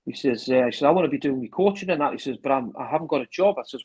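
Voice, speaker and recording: Husky North East English man telling stories. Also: mid-range voice, animated, rapid-fire, a little mellow, poor audio. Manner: rambling storyteller acting out phone calls with repeated "I says". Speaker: interview guest, former club manager. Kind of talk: casual anecdote telling.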